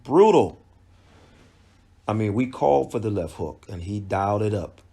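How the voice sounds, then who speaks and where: A man's voice: fairly low pitch, brisk, creaky, warm tone. A man giving a casual boxing fight recap as a channel host, conversational and emphatic, often restarting his sentences. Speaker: boxing commentator. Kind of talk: casual video commentary.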